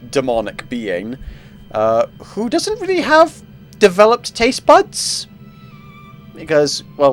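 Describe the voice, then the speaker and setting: Guy narrating his game playthrough, voice jumps all over, faint game music underneath. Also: medium pitch. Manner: chatty, laughs at himself, reads dialogue aloud. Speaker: game streamer. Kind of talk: let's play commentary.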